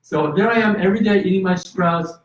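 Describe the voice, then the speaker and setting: A high-pitched man speaking a little fast tells a personal story as a guest in an interview, earnest and full of restarts and fillers. The recording sounds roomy, distant, and slightly dull.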